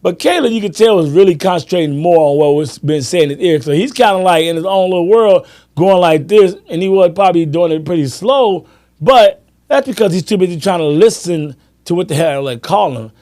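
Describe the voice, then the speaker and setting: Brief: male podcast host, casual sports chat, animated storyteller, slightly high pitch. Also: brisk. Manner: animated storyteller, acts out friends' lines, laughs often.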